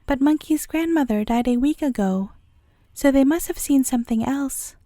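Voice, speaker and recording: A woman's voice: high voice, normal speed, dark tone, no room sound, studio quality, close to an everyday voice. A woman voicing a nosy, suspicious male wild boar in a storybook, gossiping and scheming.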